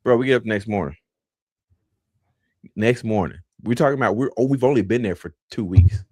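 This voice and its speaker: Male podcast host, low and dry, laid-back rambling storyteller. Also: a little fast, darkish tone, breathy edge, no room sound. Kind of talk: casual storytelling.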